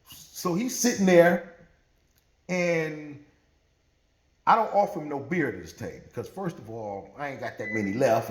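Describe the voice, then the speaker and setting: A man telling a true story in a casual, profane, laughing way, with roomy echo. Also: a little high. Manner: profane, animated, laughing often.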